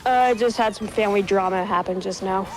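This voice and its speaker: A woman's voice: mid-range voice, brisk, over music, rough recording. A woman joining a gaming stream as a guest, chatting casually in a hesitant way with many fillers. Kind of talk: casual chat.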